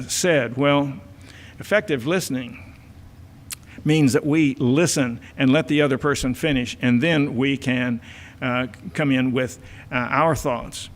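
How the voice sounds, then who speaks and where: Older man, folksy church talk, hall echo. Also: medium pitch. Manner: folksy, many filler uhs and repeated words. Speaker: church elder and marriage counselor. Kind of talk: church talk on family life. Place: church auditorium.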